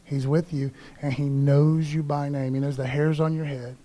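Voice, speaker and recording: A man preaching a sermon in church, casual and animated, often calling listeners "man.". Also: on the high side, moderate pace.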